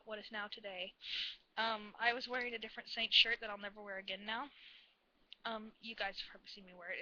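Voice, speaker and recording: A woman telling a story in a casual vlog, rambling and gushing like an excited fan. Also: medium pitch, dull audio, slight background noise. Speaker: vlogger.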